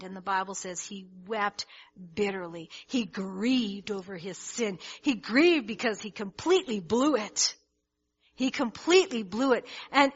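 A woman's voice: medium pitch, fairly bright tone, husky, muffled recording. A woman preaching a sermon to a congregation, earnest and emphatic, often restarting her words. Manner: earnest, emphatic, with many restarts and rising intensity. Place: church hall with congregation.

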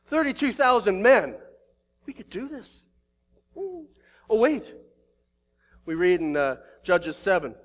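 A male pastor preaching a sermon, telling a story with animated acted-out dialogue. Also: high voice.

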